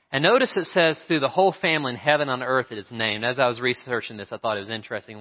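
A man's voice: medium pitch, long reverb tail, lo-fi sound. A male pastor preaching a sermon, telling a story in a conversational way and putting questions to the congregation. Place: church sanctuary.

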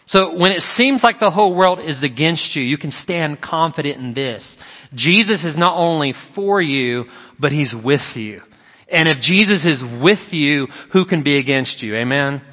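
A man pastor preaching a sermon in a church, telling stories in an animated way and acting out the quotes. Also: a little high, normal speed. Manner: animated storytelling with acted quotes. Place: church sanctuary. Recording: muffled sound with long hall reverb.

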